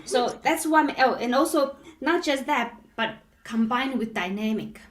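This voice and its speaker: A woman's voice: on the high side, animated, normal speed, roomy sound. A woman piano teacher explaining patiently and checking in with "right?" after nearly every phrase. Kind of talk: live online piano lesson.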